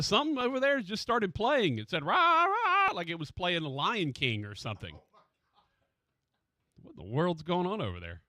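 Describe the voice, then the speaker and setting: A man hosting a sports radio show in a studio, chatting casually and excitedly about college basketball. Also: medium pitch, dry recording.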